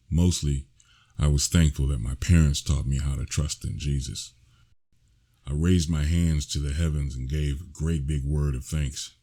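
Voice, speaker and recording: A man with an extremely deep, low voice reads his own horror story in the first person. He tells it slowly and in a hushed way, and breaks into sudden shouted lines. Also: slightly rough.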